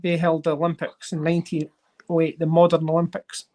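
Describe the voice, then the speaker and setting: A host chatting casually on a livestream while sorting coins, rambling and getting excited over finds. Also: medium pitch, a little fast. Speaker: coin collecting channel host.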